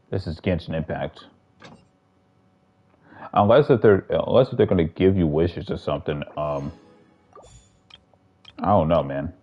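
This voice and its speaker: Casual gaming stream commentary from a man with a very low voice: rambling, profane, and full of restarted sentences. The audio is dull and lo-fi, like a compressed stream.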